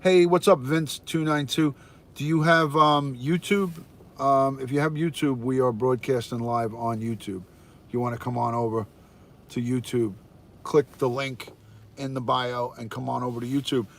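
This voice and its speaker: An upbeat older American man, a retired detective, chats casually on a live stream recorded on a phone, with slight background noise. His mid-range voice is fairly even in intonation and moderately paced as he greets viewers by name and counts them aloud.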